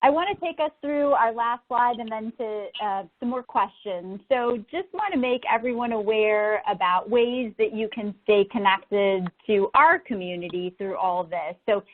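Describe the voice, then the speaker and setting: A woman's voice: a little high, normal speed, few pauses. A woman moderates a webinar, asking the panel questions and guiding listeners to what comes next. She talks plainly and conversationally, often repeating the first words as she starts. Her voice reaches us through a narrow, phone-like line. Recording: tinny phone-like call audio.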